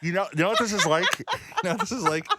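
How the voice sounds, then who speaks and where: A man's voice: sits high, racing, heavy background noise. A man co-hosting a morning show in playful, laughing banter. His speech is muffled at times by a mouth-stretcher prop. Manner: joking, laughing, self-mocking.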